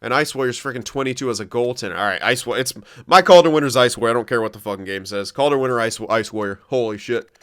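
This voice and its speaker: A young man with a smooth, clear, mid-pitched voice talks through his hockey video game as he plays. He thinks aloud, gets excitable and swears freely. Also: fast talker, few pauses. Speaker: gaming commentator. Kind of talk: casual gameplay commentary.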